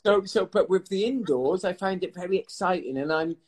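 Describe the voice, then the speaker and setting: A middle-aged man from the United Kingdom, a retired athlete telling stories in a chatty, animated way in an interview, laughing now and then. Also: high voice, brisk, slightly rough. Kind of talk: casual storytelling interview.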